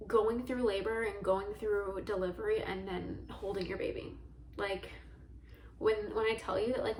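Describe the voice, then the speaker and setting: A woman's voice: medium pitch, reverberant, slight background noise, poor audio. A young woman telling a personal story to camera in a chatty, earnest way, often saying "like". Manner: chatty, heavy use of "like", earnest and emotional. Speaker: vlogger.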